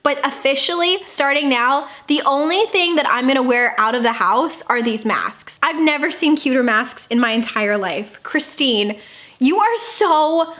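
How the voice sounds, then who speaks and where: Young woman vlogger gushing over gifts, high bright voice, squeals and gasps a lot. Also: normal speed, hardly any pauses. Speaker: book vlogger. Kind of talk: casual unboxing vlog.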